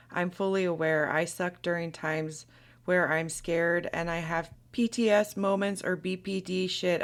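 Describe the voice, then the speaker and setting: A synthetic woman's voice reading text messages aloud, taking both sides of an argument in an even, computer-like delivery. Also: on the low side.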